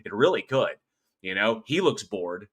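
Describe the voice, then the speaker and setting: A man's voice: lowish voice, sing-song, measured pace, fairly bright tone, slightly rough. A man hosting a casual livestream, greeting viewers by name and reading their chat comments aloud. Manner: chatty, thanks viewers one by one, swears casually. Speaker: livestream host.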